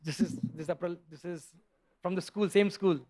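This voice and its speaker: A man telling a scripture story in a sermon, animated and stopping to restart often. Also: high-pitched, normal speed, slight background noise. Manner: animated, acts out characters, frequent restarts. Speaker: preacher giving a scripture class.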